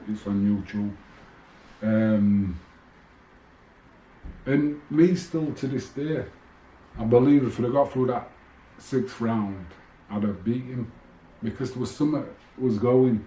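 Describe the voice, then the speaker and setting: Fifties man, ex-fighter, blunt and rambling; mellow low voice, echoey room. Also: a little slow, long pauses, slight background noise. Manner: blunt, swears freely, rambling storytelling. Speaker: former boxer telling his story. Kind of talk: casual monologue to camera.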